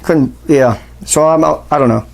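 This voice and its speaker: A wrestling channel host rants casually, exasperated and profane, with bursts of sarcasm. His slightly high, darkish voice carries vocal fry and moves a little slowly.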